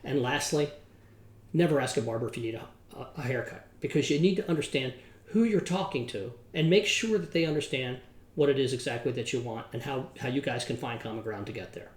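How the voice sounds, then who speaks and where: Middle-aged male podcast host, folksy storyteller, mid-pitched voice, echoey room. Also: brisk. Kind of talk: podcast monologue with a told joke. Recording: roomy echo.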